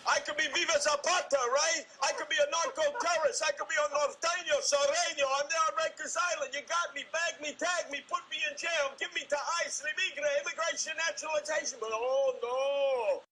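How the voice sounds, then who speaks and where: A brash young street tough in a put-on Mexican accent, pitched extremely high and cutting bright. He mocks and hollers theatrically, every phrase exaggerated. Faint music sits beneath him. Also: fairly even intonation, a little fast, hardly any pauses, low-quality recording. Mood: mocking, loud. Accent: put-on Mexican Spanish. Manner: mocking, loud, theatrical.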